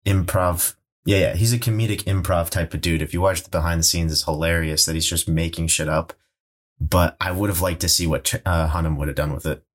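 A man chatting casually about movies on a podcast, rambling and excitable, swearing freely. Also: sits low, fairly quick.

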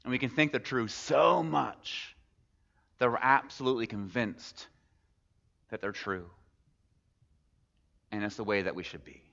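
A man's voice: medium pitch, a little slow, vocal fry, pauses often, a bit bright. A man preaching in a church, telling a story expressively, then reflecting on it. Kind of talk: sermon storytelling. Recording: dull recording with long hall reverb.

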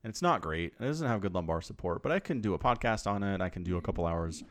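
A man co-hosting a podcast, talking casually with a sarcastic, animated delivery. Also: quick pace. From not Australian. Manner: animated, sarcastic, jumps high in pitch for emphasis. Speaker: podcast co-host. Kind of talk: casual chat.

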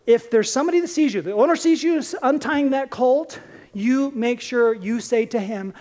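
A woman with a slightly high voice preaches a sermon at a moderate pace. She tells Bible stories in an animated, conversational way, acting out the quotes.

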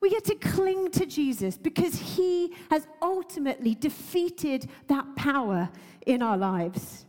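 High, lively woman preaching a sermon. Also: measured pace, in a large hall. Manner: emotional, earnest, laughs often, many fillers.

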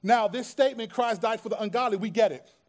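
A man's voice: high-pitched, quick pace. A man preaching a sermon as pastor, in a conversational way that acts out everyday scenes and quoted voices.

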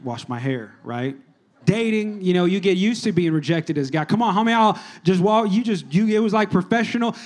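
Pastor preaching with loose, chatty storytelling. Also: male voice, high voice, fairly quick. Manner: conversational, swings between quiet prayer and lively storytelling. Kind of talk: sermon. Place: church.

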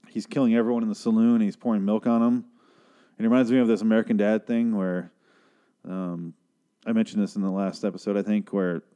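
Podcast host, male, low mellow voice, sarcastic profane rambler. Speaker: podcast host recapping a TV episode. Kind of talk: casual rambling recap.

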